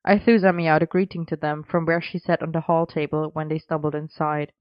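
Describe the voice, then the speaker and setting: A reader narrating a story in an even, measured way, in a dry, slightly dull recording. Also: mid-range voice, no echo. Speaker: audiobook reader.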